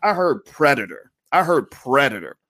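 A man hosting a commentary livestream, talking emphatically and swinging between loud outbursts and quieter asides. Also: mid-range voice, very animated, normal speed. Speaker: commentary show host.

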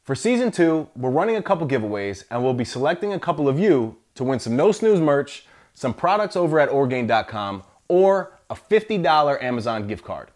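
A man reads a scripted podcast announcement, upbeat and promotional. His pitch moves a lot and his delivery is lively. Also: fairly quick. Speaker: podcast host.

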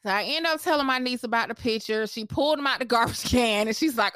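A woman tells a personal story for her vlog, candid and animated, with plenty of swearing. Her voice sits a little high. The sound is dry and close, with no room behind it. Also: a little fast, few pauses, clean tone, no echo. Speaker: vlogger.

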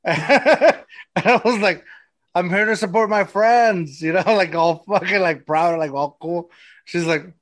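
A man's voice: fairly high pitch, unhurried, no room sound. Rambling man hosting a podcast. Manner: rambling storyteller, lots of "like". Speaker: podcast host. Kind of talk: casual chat.

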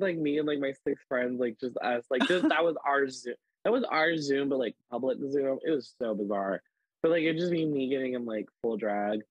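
Husky-voiced man telling animated stories. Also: medium pitch, no room sound, lo-fi sound. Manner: animated, filler-heavy storytelling with many "like"s. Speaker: podcast guest, drag performer. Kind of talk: casual storytelling chat.

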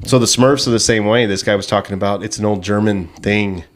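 Host type: lower-pitched guy, loose and profane, rambly storyteller for a comedy podcast. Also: fairly even intonation, fairly quick. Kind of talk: casual comedy podcast banter.

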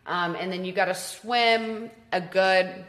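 Young woman at mid pitch, chatty storyteller, swears a lot, says like constantly. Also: fairly even intonation, takes it slowly, fairly bright tone. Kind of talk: casual chat.

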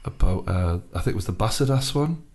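A man's voice: lowish voice, lively intonation, fairly quick, creaky, darkish tone. A man with a Geordie accent hosting a podcast, asking chatty, leading questions. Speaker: podcast host. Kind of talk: casual interview chat.

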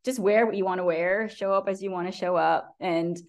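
American woman, academic guest; conversational, animated, does little voices for quotes. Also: fairly low pitch, brisk. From United States. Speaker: professor and guest. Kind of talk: conversational interview.

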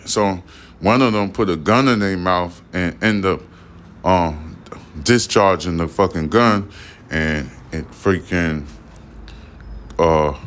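Low-voiced male podcast host, casual profane news commentary, rambling delivery. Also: fairly bright tone, a little hiss or hum. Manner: profane, rambling, laughs at the stories.

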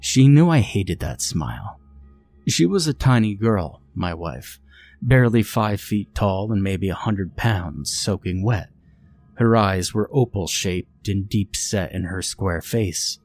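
A man narrating a first-person horror story in a measured, bitter tone. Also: fairly low pitch, lively intonation, darkish tone, no room sound, soft background music.

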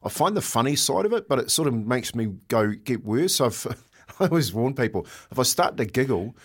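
A man's voice: medium pitch, very animated, moderate pace. A man co-hosting a casual sports radio show, rambling and stop-start, with frequent laughter. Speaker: radio co-host.

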